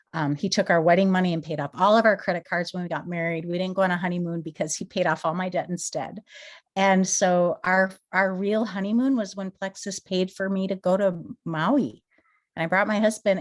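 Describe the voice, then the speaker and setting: A woman in her forties from Minnesota, giving an earnest, emotional testimony as a guest speaker and rising into excited rhetorical questions. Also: medium pitch. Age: 40s. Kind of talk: motivational company testimony.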